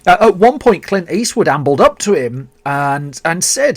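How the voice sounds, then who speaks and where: A man's voice: a little high, a little fast, hardly any pauses, no room sound. A man with a Birmingham accent hosting a film podcast, telling a film's backstory in a chatty way with asides and restarts. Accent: Birmingham English. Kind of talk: solo podcast storytelling.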